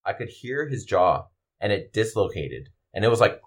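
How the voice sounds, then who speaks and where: A man's voice: on the low side, sing-song, normal speed. A man co-hosting a casual podcast, telling stories in a laid-back way, laughing often and filling with "like". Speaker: podcast co-host, BJJ referee. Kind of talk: casual chat.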